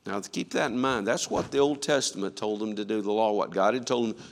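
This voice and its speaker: A man preaching a sermon, emphatic and full of rhetorical questions, shifting between quiet and loud passages. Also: lowish voice, fairly quick, vocal fry, long reverb tail.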